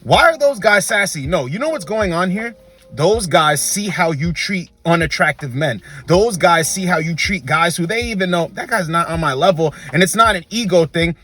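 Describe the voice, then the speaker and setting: A man's voice: high-pitched, lively intonation, normal speed, pushed and bright. A man hosting a dating commentary video, delivering an emphatic, lecturing monologue that repeats its points. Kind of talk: opinionated monologue.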